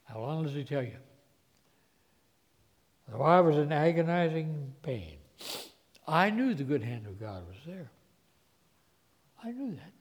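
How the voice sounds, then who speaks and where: A man's voice: on the high side, sing-song, a little slow, long pauses. Emotional man preaching in a reverberant hall. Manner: emotional, swings from hushed to loud. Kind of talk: sermon storytelling.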